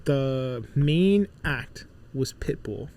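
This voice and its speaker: A man from Miami in his thirties, a podcast guest telling lively stories in casual chat and acting out the voices of people he quotes. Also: medium pitch, very slow. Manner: animated storyteller, acts out quotes.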